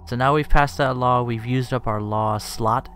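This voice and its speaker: A man's voice: medium pitch, steady tone, moderate pace, a bit bright, slight background noise. A man giving casual, joking, self-deprecating commentary as he plays a strategy game and thinks aloud. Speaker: let's play streamer. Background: game music.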